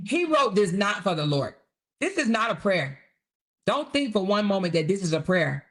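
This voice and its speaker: A woman's voice: fairly high pitch, fairly bright tone. A woman hosting a commentary livestream, talking in a blunt, sarcastic, profane way. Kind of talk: casual commentary.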